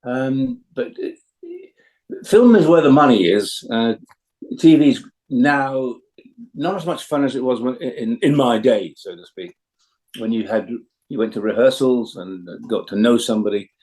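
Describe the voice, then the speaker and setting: An older actor as a guest, chatting casually and telling anecdotes with lots of fillers and restarts. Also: male voice, mid-range voice, lively intonation, a little slow, darkish tone, poor audio. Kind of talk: casual interview chat.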